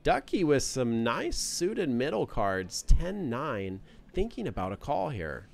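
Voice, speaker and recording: A man's voice: medium pitch, wildly swooping pitch, slow, gravelly. A man doing live play-by-play commentary at a poker table, with joking, teasing banter between hands.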